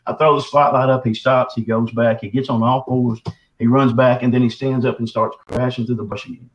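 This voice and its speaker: Man with a sore throat, rapid folksy storyteller, dull lo-fi line. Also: mid-range voice, flat delivery. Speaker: guest. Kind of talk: casual storytelling.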